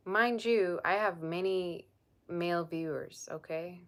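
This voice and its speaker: A woman's voice: fairly low pitch, slow pace. A woman tarot reader chatting on a live stream, blunt and sassy as she reads and answers viewer comments. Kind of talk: casual live-stream chat.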